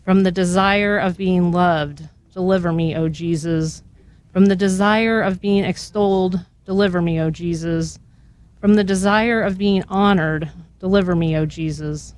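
A woman guest on a radio show, slowly and earnestly reading a long prayer aloud, her voice at times catching with emotion. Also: on the low side, a little mellow, no room sound. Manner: slow, earnest recitation.

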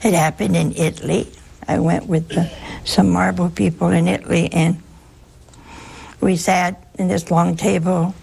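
Gravelly, raspy-voiced woman giving a chatty talk. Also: lowish voice, little pitch movement, a little slow, a little mellow. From United States. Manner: chatty, anecdotal, humorous. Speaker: religious sister giving a talk. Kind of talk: informal spiritual talk to an audience.

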